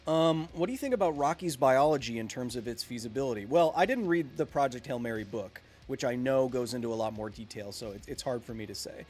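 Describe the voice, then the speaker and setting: A man's voice: mid-range voice, expressive, brisk, few pauses, a little mellow, faint music behind. A man in his thirties live-streaming a video game, chatting casually with viewers in a rambling, self-mocking way. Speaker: streamer playing a video game and answering chat.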